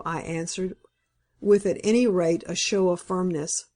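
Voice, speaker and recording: A woman reading a classic novel aloud as an audiobook narrator, in a measured, composed manner. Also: lowish voice, steady tone, darkish tone.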